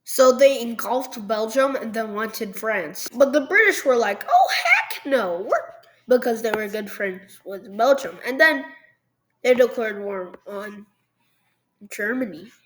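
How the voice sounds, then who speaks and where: Female narrator, casual and jokey history explainer; slow pace, fairly high and animated pitch. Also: rough recording. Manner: jokey, loose, with lots of ums and "were like". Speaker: video narrator. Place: at a computer, recording over a screen.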